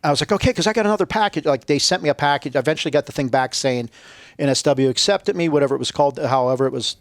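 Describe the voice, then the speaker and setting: A man's voice: a little high, racing, dry recording, clean studio sound. A man telling a long, profane story in a casual interview, acting out the people he quotes. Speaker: podcast guest, retired Navy SEAL.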